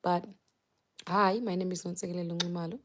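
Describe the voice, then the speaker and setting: A South African woman with a Zulu accent chats casually on a live stream, talking into her phone. Her voice sits a touch low, and she is lively and animated, dropping Zulu words in between her English. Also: fairly quick, slight background noise.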